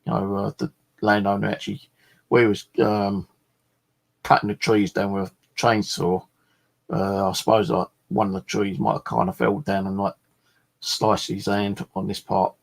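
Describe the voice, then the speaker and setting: A man's voice: fairly low pitch, moderate pace, creaky. A man chatting casually in a vlog, a rambling storyteller full of fillers and the odd swear word. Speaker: vlogger.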